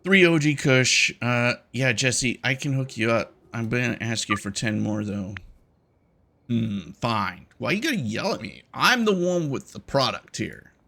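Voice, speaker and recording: Gravelly young man narrating gameplay. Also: medium pitch, lively intonation, a little slow, sharp tone. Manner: jokey, nervous, talking to game characters. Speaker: gaming YouTuber. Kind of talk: casual game commentary.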